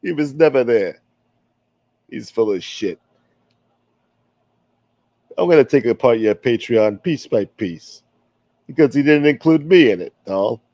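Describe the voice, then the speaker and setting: A man doing a gruff New mobster. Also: medium pitch, expressive, unhurried, long pauses, warm tone, no room sound, dull audio. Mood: boastful. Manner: gruff, menacing, mock courteous. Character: old-school mobster man posing as a gentleman.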